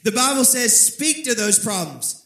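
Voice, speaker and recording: A man preaching a sermon, telling a story and calling on the congregation to answer back, with dramatic slowing on key phrases. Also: very high-pitched, sing-song, creaky, bright, forceful tone, echoey room, low-quality recording. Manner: preaching with call-and-response prompts to the congregation. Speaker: pastor.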